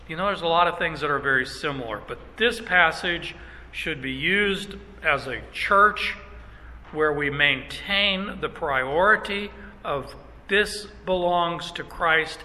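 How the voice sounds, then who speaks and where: A middle-aged man preaching a sermon as pastor, emphatic, stressing words in slow phrases. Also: a little high, animated, pushed and bright, in a large hall, low-quality recording.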